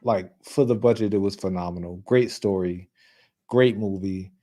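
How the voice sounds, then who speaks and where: Guy from new york chatting movies, mellow low-key tone, lots of "like" and restarts. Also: normal speed. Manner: rambling, many restarts and "like" fillers, laughs often. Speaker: co-host. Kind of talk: casual chat.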